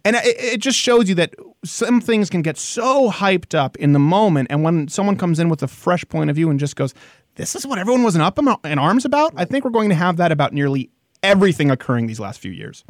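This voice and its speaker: A young man hosting a casual podcast, jokey and animated, laughing often. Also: on the high side, brisk, no room sound, studio quality. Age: young adult. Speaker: podcast host.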